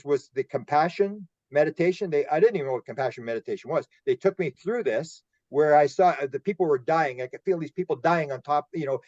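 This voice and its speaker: Man, guest on a roundtable, rambling storyteller, slightly higher voice, dry muffled lo-fi sound. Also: a little mellow, dry recording. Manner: rambling, repeats words while telling stories. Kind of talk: casual roundtable discussion.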